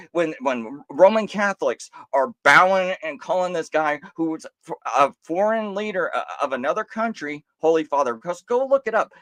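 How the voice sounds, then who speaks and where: A man's voice: on the high side, fairly bright tone, no room sound. A man hosting a live stream, giving impassioned commentary full of rhetorical questions, restarts and mocking quoted voices.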